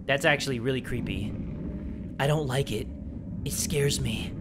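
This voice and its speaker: A young man hosting a game video with loud, jokey, animated commentary. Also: mid-range voice, moderate pace, heavy background noise. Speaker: gaming video host. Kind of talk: energetic let's-play commentary. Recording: music playing behind.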